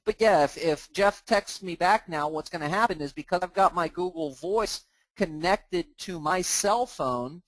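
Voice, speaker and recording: Male training host, slightly high voice, dry close sound; casual screen-share walkthrough with frequent restarts. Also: a little slow, a bit bright, no echo, poor audio. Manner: casual, narrates his clicks, often restarts words. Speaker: host of a mortgage training group.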